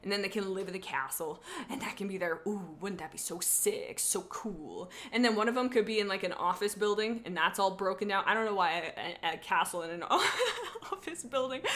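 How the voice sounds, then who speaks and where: Young woman, excitable, giggly, rambling, casual live-stream reading, mid-pitched voice. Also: normal speed. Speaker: streamer reading fan fiction.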